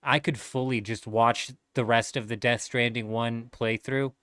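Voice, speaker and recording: A man's voice: mid-range voice, steady tone, unhurried, fairly bright tone, smooth, dry recording, studio quality. A man in his thirties chatting casually on a gaming livestream, laid-back and rambling, swearing freely.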